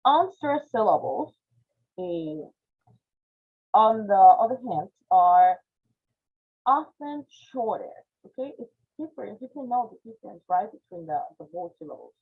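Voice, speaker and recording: A woman's voice: mid-range voice, very animated, measured pace, long pauses, slightly rough. A woman with a Spanish accent teaching an online phonetics class, explaining step by step and checking in with "okay?" after nearly every point. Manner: explanatory, frequent "okay?" check-ins and "eh" fillers. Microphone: video call. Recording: tinny phone-like video call audio.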